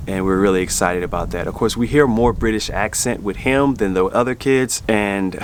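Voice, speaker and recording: A man's voice: fairly low pitch, moderate pace, few pauses. A middle-aged man from the South, chatting casually to camera for his family vlog, rambling with many restarts. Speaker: family vlogger.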